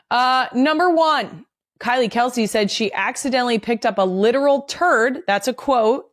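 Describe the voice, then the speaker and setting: A woman's voice: a little high, no echo, clean studio sound. A woman, hosting a podcast in casual, candid chat and swearing for emphasis. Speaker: podcast host.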